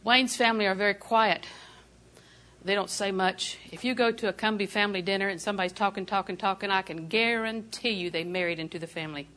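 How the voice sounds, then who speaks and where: An older woman delivers a sermon in a bright, forceful voice, her pitch sitting in the middle of the usual range. She tells folksy stories with humor and laughs often as she preaches. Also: fairly even intonation, fairly quick.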